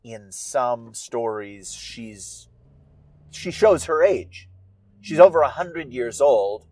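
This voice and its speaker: A man who writes and performs audio stories, talking about his work in a casual, reflective monologue. He muses aloud and sounds animated and amused with himself. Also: mid-range voice, slow pace, husky. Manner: musing, animated, self-amused.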